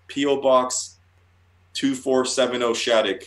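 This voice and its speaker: A man's voice: medium pitch, fairly even intonation, unhurried, fairly bright tone. A man, a guest cartoonist, telling loose and profane stories in a casual interview and laughing at himself. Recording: roomy echoey room.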